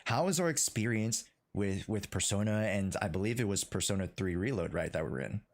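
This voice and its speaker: A man hosting a streamed interview, asking questions in a relaxed way with many fillers and restarts. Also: lowish voice, brisk. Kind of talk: casual interview.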